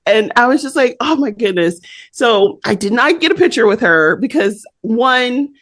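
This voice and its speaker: A woman co-hosting a podcast, telling a story in a lively, animated way and laughing often. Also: fairly high pitch, moderate pace, no echo, studio quality. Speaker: podcast co-host. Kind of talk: casual chat.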